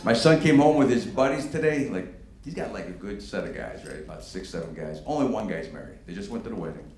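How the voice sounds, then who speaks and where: Profane, animated stand-up comic man. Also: fairly low pitch, fast talker. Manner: profane, animated, punchy delivery. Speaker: stand-up comedian. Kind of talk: stand-up comedy set. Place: comedy venue on stage. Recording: echoey room with background noise.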